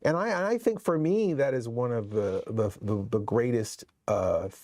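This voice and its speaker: A man's voice: mid-range voice, moderate pace, darkish tone, no room sound. A man hosting a horror movie show, chatting casually on a live stream and rambling with many restarts. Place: studio set.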